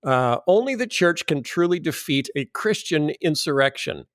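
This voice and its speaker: A man's voice: on the high side, animated, moderate pace, no echo, clean studio sound. A man hosting a casual podcast panel, teasing his co-hosts with a wry humor and reading quoted passages aloud with emphasis. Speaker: podcast host.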